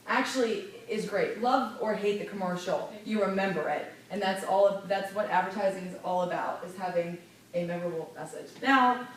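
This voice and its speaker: A woman's voice: mid-range voice, slight background noise. Far-off woman teaching in echoey room. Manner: lively, demonstrative, stresses clear enunciation. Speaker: radio host teaching a class. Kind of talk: classroom lesson. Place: classroom.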